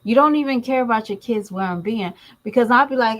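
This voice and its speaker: A woman's voice: fairly high pitch, fairly quick, poor audio. A woman and mother giving blunt, emphatic commentary in a vlog, talking straight to her viewers.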